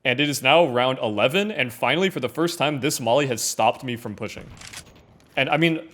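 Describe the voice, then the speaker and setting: A young man giving casual, filler-heavy commentary over his own gameplay footage, often trailing off quietly. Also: medium pitch, fairly quick. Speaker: gaming content creator.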